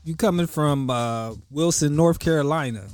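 Curious man interviewer, fairly high voice. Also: moderate pace, clear, resonant tone, faint music behind. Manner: curious, asks relaxed questions. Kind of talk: casual interview chat.

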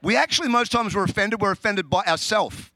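Man, Australian accent, pastor, high voice, humorous sermon, animated, laughs often, repeats words. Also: fairly quick, no room sound.

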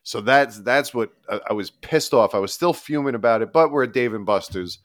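A man co-hosting a podcast, telling a long story in a rambling, animated, casual way with frequent laughs. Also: mid-range voice, fairly quick, no room sound, clean studio sound. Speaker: podcast co-host.

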